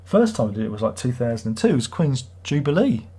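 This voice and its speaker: Husky, teasing middle-aged man. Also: mid-range voice, very animated, fast talker, warm tone. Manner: sarcastic, rambling, teasing. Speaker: livestream host. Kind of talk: casual livestream chat reading comments.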